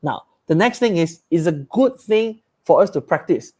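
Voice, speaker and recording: A man's voice: fairly high pitch, animated, moderate pace, warm tone. Man, sales coach, upbeat and emphatic, hammers his points home by repeating them. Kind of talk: live-streamed sales training talk.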